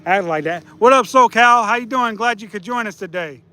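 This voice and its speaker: Man with a high voice, easygoing rambling streamer, chatting to viewers while fishing outdoors. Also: a little fast, bright, forceful tone. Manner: easygoing, rambling, restarts often. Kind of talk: casual live stream chat. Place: outdoors by a lake.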